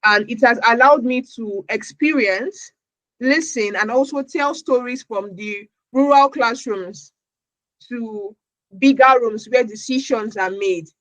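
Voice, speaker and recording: A woman's voice: fairly high pitch, unhurried, a bit bright, no room sound, poor audio. A woman from Nigeria answering interview questions as a podcast guest, earnest, often repeating words as she searches for her phrasing.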